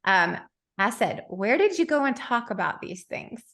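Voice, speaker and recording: A woman hosting a podcast interview, telling stories in an animated, chatty way. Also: mid-range voice, normal speed. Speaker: podcast host. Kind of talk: casual interview chat.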